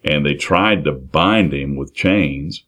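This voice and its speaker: His voice is rumbling low, slow and fairly bright as he preaches an expository sermon. Earnest and plain-spoken, he reads scripture aloud, then works through it by repeating and restarting phrases.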